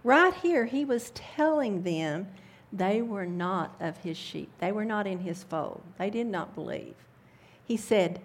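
Slow, fervent woman teaching the Bible. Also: medium pitch, animated. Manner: reads scripture aloud and breaks in with fervent comments. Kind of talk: sermon-style Bible teaching.

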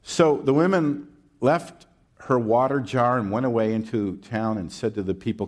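A man's voice: medium pitch, a little slow, darkish tone. A man preaching a sermon in a conversational way, with rhetorical questions and folksy asides.

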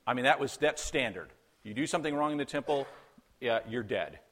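A man's voice: medium pitch, animated, fairly quick, a bit bright. A man preaching a sermon in a conversational way, full of rhetorical questions and acted-out quotes. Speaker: pastor.

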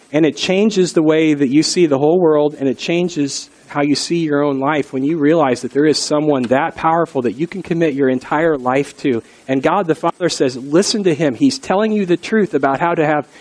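A man's voice: fairly high pitch, normal speed, a little mellow. A middle-aged male pastor giving an earnest, conversational sermon and telling stories along the way. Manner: earnest, conversational preaching with storytelling.

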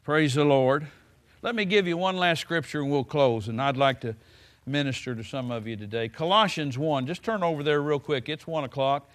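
High-voiced preacher man. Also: a bit bright. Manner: folksy preaching, drawn-out emphasis, frequent "hallelujah". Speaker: pastor. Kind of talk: sermon.

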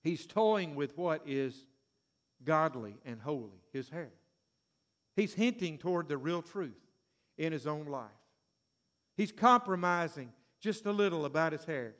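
Male preacher, high voice, dramatic sermon with hushed-to-loud swings. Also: expressive, unhurried, long pauses.

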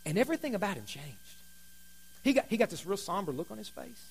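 Pastor, male, very high voice, chatty storytelling sermon with loud and hushed swings. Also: very animated, fast, vocal fry, husky. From Kentucky.

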